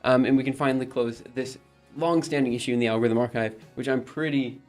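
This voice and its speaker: A man chatting casually on a live stream, thinking aloud with many pauses and restarts. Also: medium pitch, fairly even intonation, a little mellow, faint music behind. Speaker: streamer and project maintainer.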